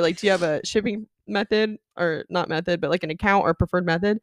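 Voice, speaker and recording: A woman's voice: mid-range voice, a little fast, no room sound, studio quality. A young woman co-hosting a casual chat, telling work stories with lots of laughter and swearing. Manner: animated storytelling, laughs often, swears. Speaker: podcast co-host.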